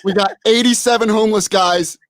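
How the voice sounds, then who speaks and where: A man's voice: sits high, fairly even intonation, a little fast, a bit bright, dry recording, studio quality. A man from Philadelphia, a guest on a casual sports chat, brash and joking, calling everyone bro. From Philadelphia, USA. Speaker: podcast guest.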